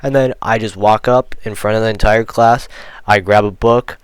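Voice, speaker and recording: A man's voice: fairly low pitch, steady tone, normal speed, smooth, dry recording, poor audio. A teenage guy telling a casual storytime rant, rambling and profane, full of "like". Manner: rambling, profane, heavy use of "like". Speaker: vlogger.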